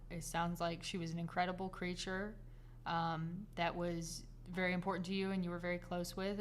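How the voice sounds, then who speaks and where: A woman co-hosting a casual podcast, comforting a listener and telling a story with animated delivery. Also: on the low side, slight background noise. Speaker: podcast co-host. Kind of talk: casual chat.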